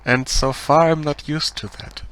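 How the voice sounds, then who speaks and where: A man from Germany with a German accent, casually talking through his game project on a live stream, hesitant, with many pauses and restarts. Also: a little high, steady tone, fairly bright tone, clean tone. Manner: hesitant, many ums and restarts, laughs shyly.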